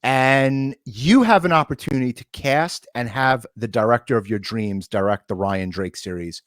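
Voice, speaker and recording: A man from the United States co-hosting an interview, telling stories in a lively way. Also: medium pitch, moderate pace, dry recording, studio quality. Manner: lively storyteller. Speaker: co-host. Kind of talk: casual interview talk.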